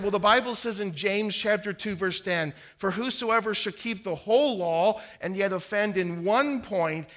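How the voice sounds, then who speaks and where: A man's voice: high-pitched, a bit bright. A middle-aged man preaching earnestly, teaching how to share the gospel, reciting King James verses and stumbling on repeated words. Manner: earnest, repeats words when starting sentences. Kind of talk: evangelism teaching talk.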